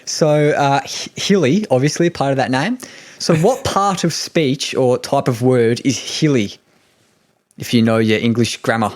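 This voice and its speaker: Easygoing Australian podcast host. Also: male voice, mid-range voice, a little slow. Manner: easygoing, chatty, hesitant fillers. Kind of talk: casual podcast hosting.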